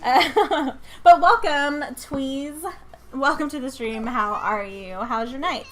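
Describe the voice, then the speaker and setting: A woman's voice: sits high, takes it slowly, fairly bright tone. Giggly North Georgia woman streamer. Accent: Southern US, North Georgia. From North Georgia, USA. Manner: giggly, chatty, jokey. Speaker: live streamer. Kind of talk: casual live-stream chat while playing.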